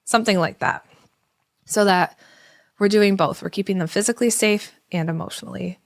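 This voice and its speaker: Dry and close, this woman speaks at a middle pitch with no room around her. She explains parenting steps conversationally, slipping into a soft, soothing voice as she plays out what a calm parent would say to a child. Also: a little fast, creaky, dry recording. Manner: acts out parent-child dialogues in a gentle soothing voice. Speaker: parenting educator.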